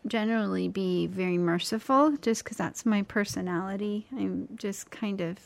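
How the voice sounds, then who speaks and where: Creaky-voiced easygoing woman chatting. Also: medium pitch, moderate pace, no room sound. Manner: easygoing, laughs often. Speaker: podcast co-host. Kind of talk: casual chat. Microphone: studio mic.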